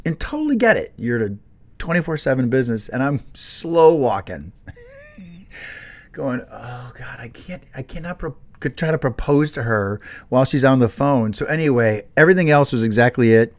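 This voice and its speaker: A man in his late fifties with a middle-pitched, ordinary voice spins a lively story in casual podcast chat. He laughs often as he talks and keeps the tale rolling. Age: 50s. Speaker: podcast co-host.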